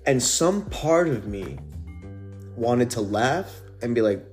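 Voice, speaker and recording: A man's voice: medium pitch, expressive, slow pace, faint music behind. A man telling a personal story in a casual, rambling, profane way, as podcast host.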